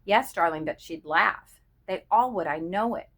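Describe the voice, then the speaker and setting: A woman voicing a young pregnant wife who speaks softly and coaxingly, cool on top with fear underneath. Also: fairly low pitch, normal speed. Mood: eager. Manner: soft, coaxing, cool yet fearful.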